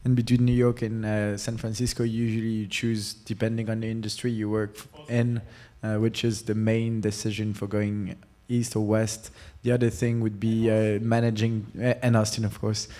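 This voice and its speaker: A man moderating a panel, speaking in a measured, matter-of-fact way. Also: on the low side, completely flat delivery, warm tone. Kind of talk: panel discussion.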